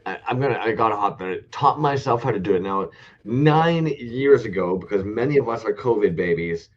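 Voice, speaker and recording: A man's voice: fairly low pitch, expressive, normal speed, dull audio. A man co-hosting a casual online toy show, a rambling, profane storyteller. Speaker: podcast co-host. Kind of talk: casual chat with heavy swearing.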